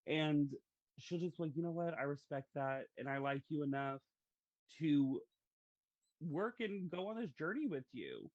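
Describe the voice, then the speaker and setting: A man's voice: fairly high pitch, expressive, unhurried, a little mellow, no echo, lo-fi sound. A man hosting a podcast, telling stories in a chatty, casual way. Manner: chatty, storytelling, uses fillers. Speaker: podcast host. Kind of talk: casual conversation.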